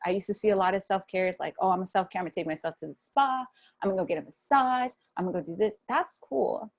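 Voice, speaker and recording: A young woman speaking casually to an online audience over a video call from a room at home, relaxed and chatty, with many fillers and restarts. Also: mid-range voice. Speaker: guest speaker at a wellness webinar. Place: home room with a fan running.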